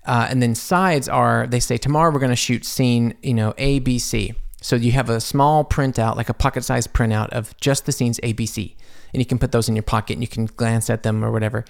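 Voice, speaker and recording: Gravelly-voiced man telling a story. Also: a little fast. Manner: animated, jumps high when quoting himself; rambling with restarts and asides. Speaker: podcast host. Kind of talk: casual storytelling monologue. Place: home studio.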